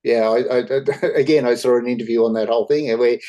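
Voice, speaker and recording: A man's voice: medium pitch, fairly even intonation, a little fast, mellow. A man hosting a casual interview, asking questions and backing his guest with frequent short agreements. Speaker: interviewer host.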